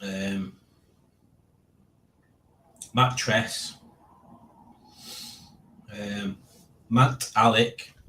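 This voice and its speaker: A man's voice: lowish voice, fairly even intonation, drawn-out words, long pauses, a bit bright, reverberant. A man hosting a live stream from home, casually chatting and reading out the chat with dry, playful teasing. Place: home room.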